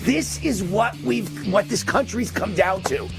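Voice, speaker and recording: A man from New York hosting a live political commentary show, ranting with loud emphatic delivery. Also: high voice, measured pace, gravelly, over music. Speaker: show host.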